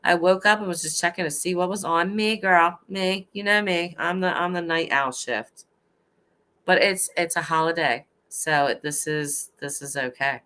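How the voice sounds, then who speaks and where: A woman hosting a casual late-night live stream, chatting and rambling with her viewers, full of "like" and quick to laugh. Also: on the low side, pushed and bright.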